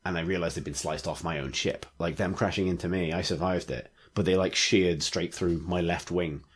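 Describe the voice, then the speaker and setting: Male podcast co-host, deep voice, loose rambling delivery. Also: steady tone, normal speed, husky. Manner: rambling, full of "like" fillers. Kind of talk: casual chat.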